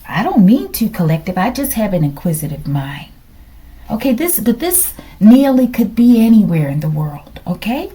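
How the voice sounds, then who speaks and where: A woman's voice: mid-range voice, very animated, normal speed, dark tone. A middle-aged woman giving a casual tarot reading, musing aloud, questioning the cards and sometimes dropping to a whisper. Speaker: tarot reader.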